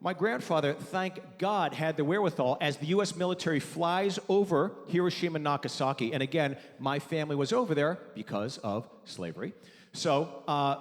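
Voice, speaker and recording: A man doing stand-up in a big theater, his fairly high voice swinging widely as he rants with brash, mock-exasperated energy. The sound carries a long hall reverb, with a crowd murmuring faintly behind him. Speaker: stand-up comedian. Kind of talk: stand-up comedy set. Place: large theater with live audience.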